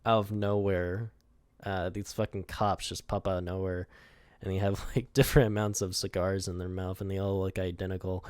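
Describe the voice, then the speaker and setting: A man's voice: low-pitched, flat delivery, moderate pace, darkish tone, smooth, no room sound. A young man casually talking through his own storyboards, rambling, laughing often and swearing, with lots of "like" in his speech.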